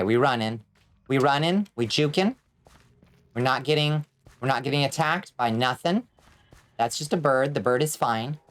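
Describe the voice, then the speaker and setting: A woman streaming a video game, chatting casually with viewers and shrieking and swearing when things go wrong. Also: very deep voice. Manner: excitable, screams and swears when in danger. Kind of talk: casual gaming stream chat.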